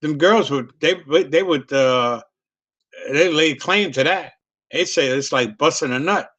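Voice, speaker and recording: A middle-aged man tells a loose, profanity-laced story, circling back and laughing as he goes. His voice sits a little high for a man. The sound is dry and close, with no room around it. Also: a little slow, a bit bright, no echo, muffled recording. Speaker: comedian. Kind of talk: casual storytelling on a video call.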